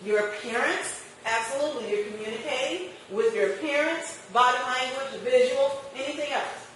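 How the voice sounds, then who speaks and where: A woman's voice: high voice, moderate pace, a little hiss or hum. A woman teaching a marketing class, questioning her students and acting out little customer scenes. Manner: lively, questions the class and acts out customer exchanges. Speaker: marketing instructor. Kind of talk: classroom lecture. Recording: echoey room picked up from a distance.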